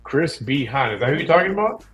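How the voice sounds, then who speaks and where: A man's voice: medium pitch, sing-song, quick pace, fairly bright tone, faint music behind, rough recording. A man hosting a live stream, reacting to clips with incredulous exclaimed questions.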